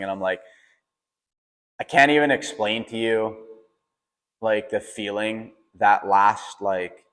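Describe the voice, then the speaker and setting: A young man hosting a podcast, telling a personal story in a casual way, often saying "like" and restarting his sentences. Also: low voice. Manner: casual, fills with "like", frequent restarts. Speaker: podcast host. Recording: long reverberant echo.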